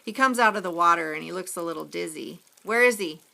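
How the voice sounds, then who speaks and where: A woman teacher reads a story aloud to her class in an expressive storytelling manner. Her voice is fairly low, with a gravelly fry running through it. Her tone is bright and forceful. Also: fast talker.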